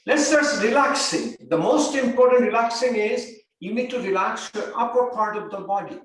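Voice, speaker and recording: An older man teaching yoga therapy, giving calm guided instruction and repeating breathing cues. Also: very high-pitched, normal speed. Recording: very echoey room, mic far off.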